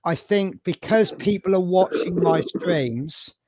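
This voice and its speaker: A man's voice: sits high, slow pace, noisy background. A man with a Norfolk accent hosting a live stream, talking in a chatty, rambling, self-deprecating way. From Norfolk, England. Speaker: stream host. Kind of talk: casual live-stream chat.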